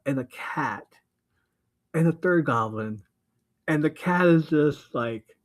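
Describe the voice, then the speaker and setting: A man hosting a podcast, casually recapping a book, excitable and laughing often, swearing freely. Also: a little high, slow, long pauses, low-quality recording. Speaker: podcast host.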